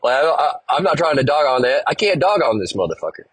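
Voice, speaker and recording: Husky man telling a rambling story. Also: mid-range voice, sing-song, fast, no room sound, rough recording. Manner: rambling, profane, laid-back storyteller. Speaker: podcast host. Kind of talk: casual storytelling monologue.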